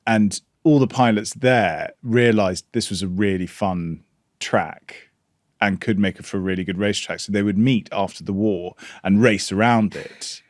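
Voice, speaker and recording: A man hosting a podcast, explaining at a measured pace with some stammering restarts. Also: on the low side, no echo, clean studio sound. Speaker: podcast host. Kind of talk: interview and read ad.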